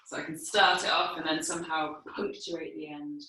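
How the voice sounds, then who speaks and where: A woman teaching a movement class, calmly cueing while she exercises on the floor, a little out of breath. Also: low voice, a little hiss or hum. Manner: calm, unhurried cueing while moving on the floor. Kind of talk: guided movement class instruction. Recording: echoey room, mic far off.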